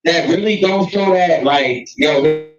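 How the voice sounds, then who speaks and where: A man co-hosting a casual podcast chat, telling stories in an animated, profane way. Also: a little high, moderate pace, soft background music. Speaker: podcast co-host. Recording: distant mic, dull lo-fi sound.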